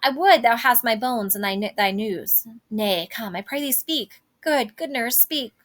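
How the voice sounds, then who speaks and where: A woman's voice: fairly high pitch, animated, a little slow, fairly bright tone. A woman reading as an impatient lovesick girl. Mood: pleading. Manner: eager, pleading reading of verse. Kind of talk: reading a play aloud.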